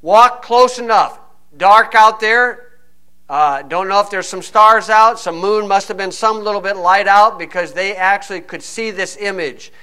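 A man's voice: high voice, a little slow, sharp tone, clear, resonant tone. A man preaching a conversational sermon, reading scripture verses aloud and stopping to explain them with wry, folksy asides. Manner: reads old-style verses, then breaks into wry, folksy asides.

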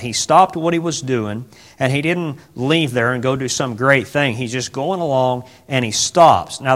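A man delivers a sermon in a mid-range voice. He talks loosely, with fillers and restarts, then swells into louder, emphatic stretches before settling back into a conversational teaching tone. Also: mid-range voice. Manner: rambling with many fillers, rising to loud emphatic bursts. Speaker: preacher.

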